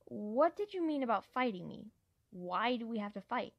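A woman's voice: fairly high pitch, sing-song, moderate pace, vocal fry, no echo, muffled recording, heavily acted. A woman voicing a young male dragon who sounds earnest and anxious, as an amateur audiobook character. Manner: anxious, pleading.

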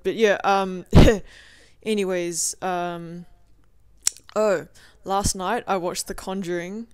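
Recorded at home with no echo, a young adult woman talks in a lowish, clear, resonant voice for her casual video diary. She rambles, curses freely, and fills her speech with "like" and "you know."

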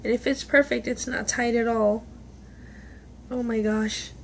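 A woman's voice: a little high, fairly even intonation, unhurried, gravelly, a little hiss or hum. A woman, chatting casually on a vlog as she opens gifts, gushing, gasping and laughing. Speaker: vlogger. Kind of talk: casual unboxing chat.

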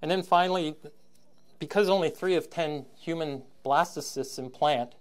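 A man giving a recorded university lecture, halting with many ums and frequent throat clearing, with wry, sardonic asides. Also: on the high side. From Canada.

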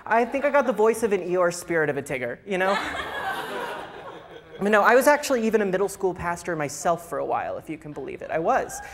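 A man's voice: high voice, big pitch swings, quick pace. A young man from a small Southern town doing stand-up comedy on a live stage, brash, campy and profane. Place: live comedy venue with audience. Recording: loud crowd laughter and noise.

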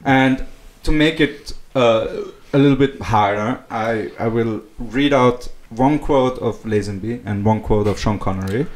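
A man's voice: mid-range voice, a little slow, few pauses. A man hosting a casual comedy podcast and running a quiz game, often laughing and stumbling over his words.

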